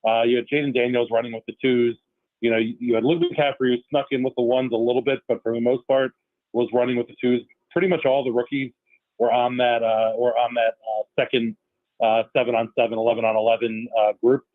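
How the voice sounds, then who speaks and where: A man's voice: medium pitch, level tone, brisk, dry recording. A man reporting on a football team in a radio phone-in, talking steadily with many fillers. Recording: tinny phone line.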